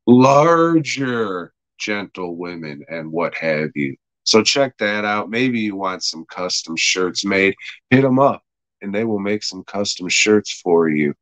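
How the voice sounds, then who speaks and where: A man's voice: low voice, fairly bright tone, no room sound. A man hosting a podcast, retelling an episode in rambling, profane casual talk and acting out bits of dialogue. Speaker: podcast host reviewing a TV episode.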